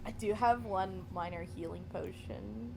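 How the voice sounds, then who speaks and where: A woman player in a tabletop game, speaking in character, casual and unhurried. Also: mid-range voice, darkish tone, slight background noise. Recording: clear music underneath.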